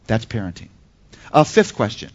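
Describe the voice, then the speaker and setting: Animated man teaching a class. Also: mid-range voice, moderate pace, highs cut off. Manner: animated and emphatic, with pointed rhetorical questions. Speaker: teacher on Christian parenting. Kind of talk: seminar lecture to a class.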